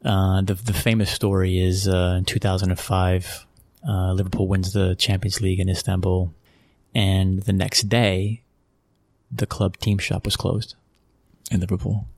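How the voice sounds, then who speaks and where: Gravelly low-voiced American man. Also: little pitch movement, measured pace, darkish tone, no echo. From Texas, USA. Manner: rambling, many restarts, chuckles often. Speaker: interview guest, football club executive. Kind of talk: casual interview storytelling.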